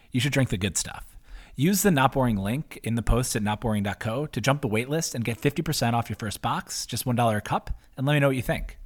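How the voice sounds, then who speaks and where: A man reading his own newsletter post aloud as scripted narration, in a chatty way with wry asides. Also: medium pitch. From half Italian.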